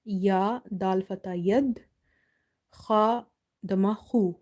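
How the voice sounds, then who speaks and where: Woman teacher going letter by letter through a recitation lesson, soft mellow voice, patient, middle pitch. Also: steady tone. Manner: slow letter-by-letter spelling, then recites each word. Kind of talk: live online recitation lesson.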